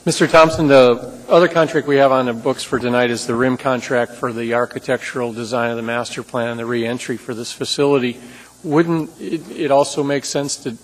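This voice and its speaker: A man's voice: medium pitch, poor audio. A man serving as assembly member, asking pointed, direct questions at a public meeting.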